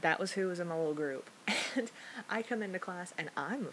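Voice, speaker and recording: A young woman cohosting a casual podcast chat, telling animated stories and swearing freely. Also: fairly low pitch, brisk. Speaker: podcast co-host. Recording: faint hiss.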